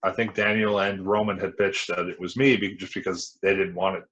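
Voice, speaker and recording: Man, very low voice, frank, rambling, casual interview guest. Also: flat delivery, fairly quick, fairly bright tone, highs cut off. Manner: frank, rambling storytelling with many restarts. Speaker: interview guest, former pro wrestler.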